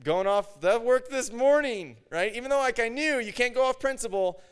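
A man preaching a sermon, telling a personal story with animated delivery and acting out the dialogue. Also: very high voice, normal speed, clean tone. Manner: animated storytelling, acts out his own and God's words.

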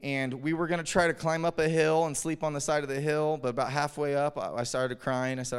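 Male pastor, storytelling sermon, clear voice, long hall reverb. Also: a little high, brisk, hardly any pauses. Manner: animated, chuckling storyteller. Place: church hall.

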